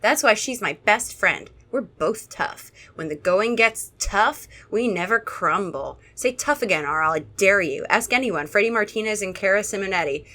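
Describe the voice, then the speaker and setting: A smug, swaggering young boy who bullies for fun and brags about being tough, read aloud by a woman. The voice is bright and lightly mocking, in a comedic storybook reading. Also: medium pitch, expressive, normal speed, hardly any pauses. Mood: smug bravado. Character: tough scheming boy babysitter narrator.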